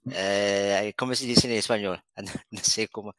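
A man's voice: on the low side, fairly bright tone, no room sound, rough recording. A man co-hosting an English lesson podcast, encouraging and praising often, with many uh fillers. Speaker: podcast co-host.

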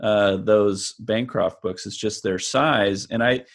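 A man's voice: on the low side, takes it slowly. A man conducting an interview, asking questions hesitantly with frequent restarts. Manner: hesitant, with many restarts and fillers.

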